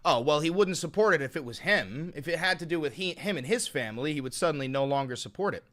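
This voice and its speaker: A man runs a live stream and argues with callers, heated and profane, lurching from calm questions to loud outbursts. His voice is a little high and he talks fast.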